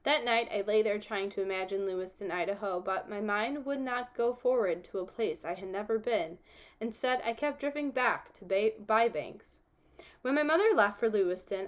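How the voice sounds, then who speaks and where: A woman reading a novel aloud, telling the story steadily and giving the characters gentle voices. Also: medium pitch. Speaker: audiobook reader.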